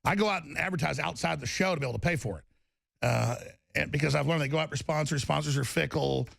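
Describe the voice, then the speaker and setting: A man hosting a live call-in talk show, talking in a rambling, excitable way that jumps from topic to topic. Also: on the high side, creaky, no room sound, studio quality. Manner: rambling, excitable, fast-shifting delivery.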